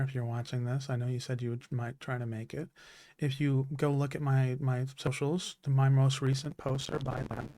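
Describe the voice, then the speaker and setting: A man streaming live, giving an emotional, heartfelt thank-you speech that is halting, full of fillers and restarts, his throat turning a little raspy. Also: medium pitch, mellow, dry recording.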